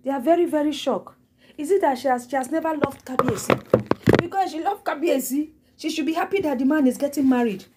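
A woman's voice: high-pitched, brisk, heavy background noise. A woman with a Nigerian accent giving mocking gossip commentary to her viewers, repeating herself and breaking into laughter. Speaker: celebrity gossip vlogger.

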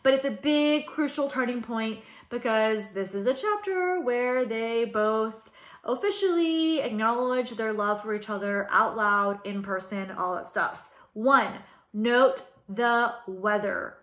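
A woman teacher giving a casual, animated video lecture, talking with lots of fillers. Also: on the high side, measured pace. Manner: chatty and animated, many fillers. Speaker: high school English teacher. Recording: roomy echo.

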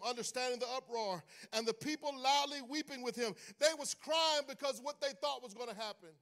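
A male pastor preaching a sermon in a church, swinging from hushed asides to sung, shouted calls to the congregation. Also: very high-pitched, fairly quick, few pauses. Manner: preaching with call-and-response, rising into sung shouts. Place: church sanctuary.

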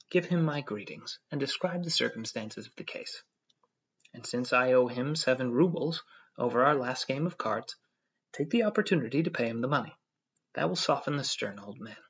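A man voicing a self-important civil servant who lectures calmly and at length. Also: medium pitch, breathy edge. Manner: measured, lecturing tone. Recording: dull lo-fi audio.

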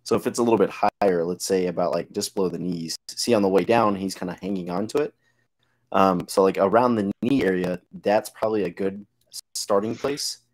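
Deep-voiced blunt male coach. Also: fairly quick, low-quality recording. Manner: laid-back, blunt, swears freely. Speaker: strength coach co-host. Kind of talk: casual podcast chat.

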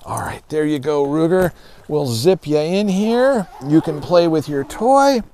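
Middle-aged male dog handler with a high-pitched voice; goofy animated praise for his dog, relaxed explanations for kids. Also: a little slow, a little hiss or hum. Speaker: search and rescue dog handler. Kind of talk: demonstration for children.

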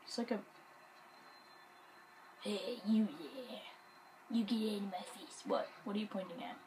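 A woman giving casual gameplay commentary, excitable and jokey, muttering and whispering to herself. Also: medium pitch, a little slow, slight background noise, poor audio.

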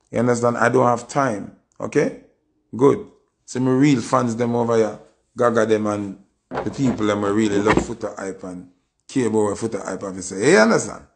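Gravelly-voiced boastful Jamaican man. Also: fairly low pitch, moderate pace. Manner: boastful, emphatic, repeats himself. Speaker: music reviewer. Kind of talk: livestream music review chat.

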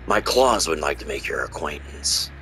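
A man voicing a menacing clawed killer in a slow, low, breathy whisper. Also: lively intonation, sharp tone, slight background noise, full character voice.

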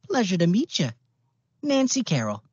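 A man's voice: high voice, wildly swooping pitch, moderate pace, darkish tone, slightly rough, no room sound, pitched above the performer's own voice, heavily acted. A man voicing a small, chatty school receptionist with an old-fashioned Midwestern accent and a folksy manner. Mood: chirpy. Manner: folksy, chirpy. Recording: dull, dry lo-fi recording.

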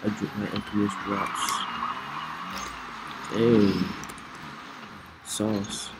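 A man giving excitable let's play commentary, reacting loudly to the plays. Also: lowish voice, very slow. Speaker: gamer. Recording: noisy with game sounds behind.

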